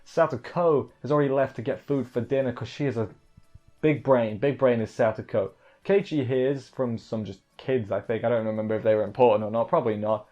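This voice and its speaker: A man's voice: medium pitch, fairly even intonation, fairly quick, a little mellow, soft background music. Rambling man reviewing an episode, lo-fi. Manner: rambling, off-the-cuff, self-correcting. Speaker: anime reviewer. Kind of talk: casual spoken review.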